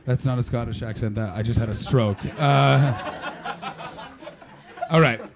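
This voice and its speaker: A man from Canada doing stand-up crowd work on a club stage, brash and profane, mocking the audience with quick banter. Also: mid-range voice, vocal fry. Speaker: stand-up comedian. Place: comedy club stage before a live audience. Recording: live club with loud crowd. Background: audience laughter.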